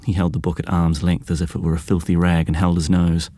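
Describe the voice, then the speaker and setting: A man narrating an audiobook in a measured, even storytelling manner. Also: low voice, dry recording.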